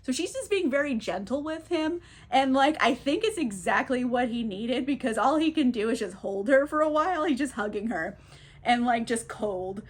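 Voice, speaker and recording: A woman's voice: high voice, animated, normal speed. A woman casually recapping a novel for her channel, chatty and irreverent, with frequent laughter and filler words. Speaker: book vlogger.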